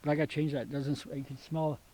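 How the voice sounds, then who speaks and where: Older man, folksy high-voiced storyteller. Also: steady tone, dark tone, poor audio. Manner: folksy storyteller, halting with fillers. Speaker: vegetable stand owner. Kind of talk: casual chat on a walking tour. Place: outdoors at a rural home.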